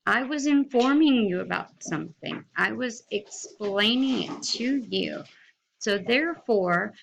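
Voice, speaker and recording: Slow, gravelly-voiced teacher woman. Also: medium pitch, a bit bright, a little hiss or hum, low-quality recording. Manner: slow, deliberate teacher talk, reads aloud with rising and falling expression. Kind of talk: recorded reading lesson for children.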